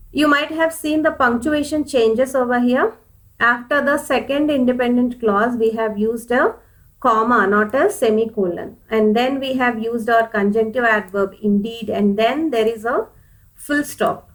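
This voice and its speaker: A woman with a slightly high voice walks through an English grammar lesson. She explains patiently, repeats each point and calls her viewers dears. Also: poor audio.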